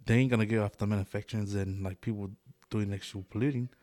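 A man's voice: on the low side, steady tone, fast, darkish tone, no room sound. A middle-aged man with a New Zealand accent co-hosting a podcast, talking loosely with lots of swearing, laughs and "eh". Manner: loose, swears a lot, laughs often, fillers like "eh" and "bro". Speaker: podcast co-host. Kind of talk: casual chat.

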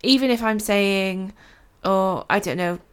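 A woman's voice: mid-range voice, a little slow, clear, resonant tone. A woman co-hosting a casual faith-based podcast. She talks in a chatty, storytelling way and laughs readily. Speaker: podcast co-host.

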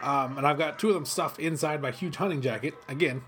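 Man, fairly high voice, rambling casual commentary, swears a lot, excitable outbursts, home office. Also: fairly quick. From western Kentucky, USA. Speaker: host. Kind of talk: casual watch-along commentary. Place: cold home office studio.

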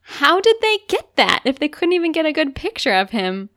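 A woman's voice: sits high, very animated, normal speed, a bit bright. A woman co-hosting a podcast, recapping an episode in casual chat, full of "like" and acted-out quotes. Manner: chatty, frequent "like", acts out quotes. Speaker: podcast co-host.

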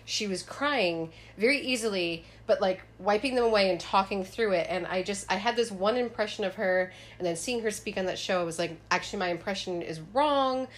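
A woman's voice: medium pitch, brisk, hardly any pauses. A woman co-hosting a podcast in casual chat, talking emphatically and swearing freely. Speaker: podcast co-host.

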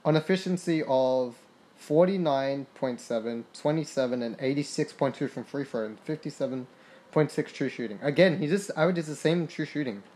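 A young man talks through a basketball simulation, reading stats and cursing freely as his excitement rises and falls. His voice sits a little high for a man. The delivery is casual and unscripted, the tone of a gaming podcaster. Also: normal speed. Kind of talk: casual game commentary.

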